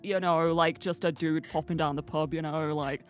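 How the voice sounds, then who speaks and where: A woman puts on a gruff British bloke with a lowered voice, blunt and matey. Faint music plays underneath. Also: fairly even intonation, moderate pace, natural voice.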